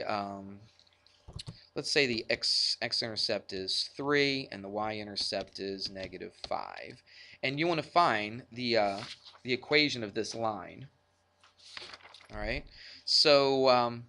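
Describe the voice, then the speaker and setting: Bright-voiced chatty male math teacher. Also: medium pitch, a little hiss or hum. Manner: chatty, self-deprecating storytelling. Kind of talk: classroom lesson with a personal story.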